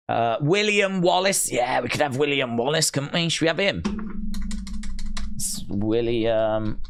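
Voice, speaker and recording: A man chats on a live stream at an unhurried, drawn-out pace, thinking out loud. His voice sits at an ordinary middle pitch, and his humor is dry and rambling. He sounds like he is talking into a desk mic from a room at home. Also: vocal fry, clean tone. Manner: musing aloud, wry and rambling with dry asides. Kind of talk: casual live-stream chat with viewers.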